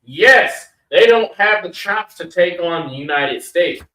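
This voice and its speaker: A combative man co-hosts a political reaction show, swearing hard and talking over the others. His voice sits a little high. The room around him echoes noticeably. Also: animated, a little slow, a bit bright. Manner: profane, argumentative, interrupts. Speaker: co-host. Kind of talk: heated political reaction chat. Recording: roomy echo.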